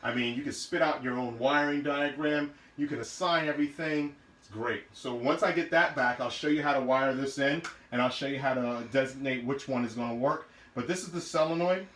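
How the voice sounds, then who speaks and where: A man's voice: medium pitch, brisk, a bit bright, reverberant, a little hiss or hum, rough recording. A man casually showing car parts in his garage, talking loosely with many fillers and restarts. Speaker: car build vlogger.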